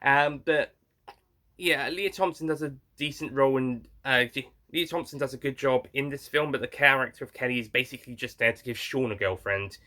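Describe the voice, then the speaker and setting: A man's voice: medium pitch, fairly quick, sharp tone. A man giving a casual, rambling spoken film review, frank and blunt, with frequent restarts and the odd swear word.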